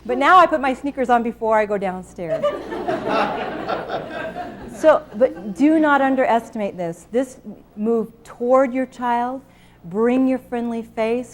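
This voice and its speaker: Animated woman giving a parenting talk. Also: a little high, a little slow, slight background noise. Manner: animated, laughing, acts out scenes with her children. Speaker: parenting speaker. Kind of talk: live talk to an audience.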